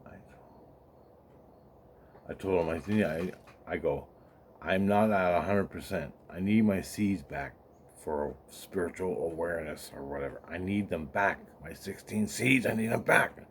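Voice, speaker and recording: Rambling, profane man with a low voice. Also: measured pace, slight background noise. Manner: rambling, profane, acts out quoted dialogue, laughs often. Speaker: vlogger recounting spiritual experiences. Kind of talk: rambling casual monologue.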